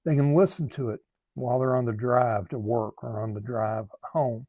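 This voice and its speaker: A man speaking as a recovery coach, giving earnest advice to camera in a slow, thoughtful way that often repeats words. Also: medium pitch, steady tone, dark tone, no room sound. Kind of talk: talking to camera, advice monologue.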